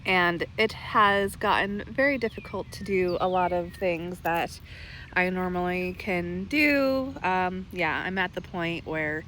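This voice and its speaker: A woman's voice: on the low side, takes it slowly, slight background noise. A heavily pregnant woman in her thirties, short of breath, chatting casually about her garden while seated outdoors. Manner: relaxed, chatty, laughs lightly. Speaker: garden vlogger. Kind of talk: casual garden update chat. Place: backyard garden, outdoors, seated in a lounge chair.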